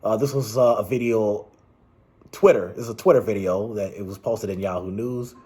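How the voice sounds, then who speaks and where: A man's voice: fairly low pitch, moderate pace, darkish tone, slightly rough. A man giving casual, rambling political commentary, exasperated and restarting his sentences often.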